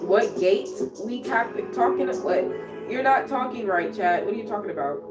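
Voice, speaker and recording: A woman's voice: on the high side, lively intonation, normal speed. A sick woman hosting a casual livestream at home, chatting and answering viewers' comments aloud. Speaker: livestream host. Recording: echoey room, far from mic, music playing.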